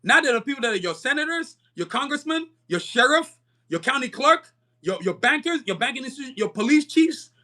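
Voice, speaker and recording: Very high-pitched, very animated, brisk, pushed and bright, this young adult podcast host rips through a fiery, profane live-stream monologue. He's emphatic and keeps stumbling over repeated words as he restarts.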